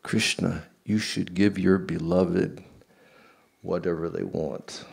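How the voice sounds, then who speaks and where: A worried royal mother, voiced by a man pleads earnestly, pausing as she hunts for words. The voice sits only slightly above the performer's own low register. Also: steady tone, vocal fry, darkish tone, breathy edge, heavily acted. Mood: pleading. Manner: hesitant, searching for words.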